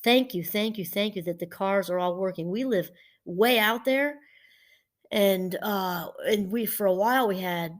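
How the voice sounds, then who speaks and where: Woman professor with a mid-pitched voice, chatty teaching talk, digressive with frequent restarts. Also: measured pace. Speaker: professor and podcast host. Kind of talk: casual teaching monologue.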